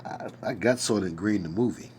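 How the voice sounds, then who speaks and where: A man's voice: on the low side, moderate pace, darkish tone, a little hiss or hum. A man hosting a casual stream from his desk, reading viewer comments aloud with exclamations and chatty asides. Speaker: host. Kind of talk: casual livestream chat. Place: at a desk at home.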